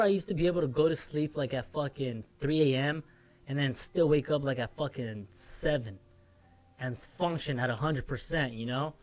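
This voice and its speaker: Rambling, profane young male podcaster. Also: a little high. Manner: rambling, profane, self-mocking. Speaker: podcast host. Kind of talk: casual solo rant. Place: office room. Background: music playing softly.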